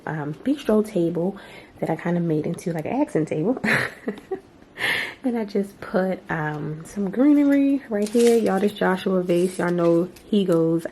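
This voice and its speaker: Mellow low-voiced woman chatting casually. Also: slight background noise. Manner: chatty, relaxed, addresses viewers as "y'all". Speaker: home decor vlogger. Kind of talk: casual home tour chat. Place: living room in her home.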